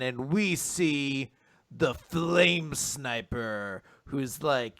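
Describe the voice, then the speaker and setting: A man co-hosting a casual manga recap podcast, animated, laughing often and acting out characters' lines. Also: mid-range voice, slow pace, no room sound, studio quality. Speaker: podcast co-host.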